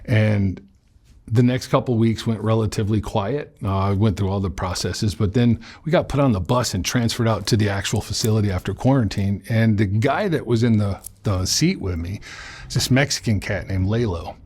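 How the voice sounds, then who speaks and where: A man recounting a personal story in an interview, blunt and profane, often halting and restarting mid-sentence. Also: fairly low pitch, a little mellow, breathy edge. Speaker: interview guest.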